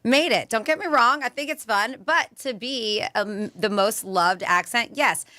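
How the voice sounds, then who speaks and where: A Florida woman co-hosts a radio show, chatting casually, reading off a survey list, and laughing now and then. Her voice is on the high side, bright, and forceful, at a measured pace with no echo.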